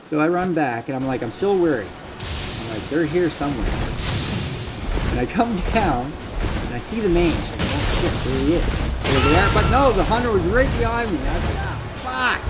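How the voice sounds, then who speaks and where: His voice is a little high and animated, moving at a moderate pace, as he casually commentates on his own gameplay, swearing freely and voicing his inner thoughts. The recording is very noisy, with loud game music behind him.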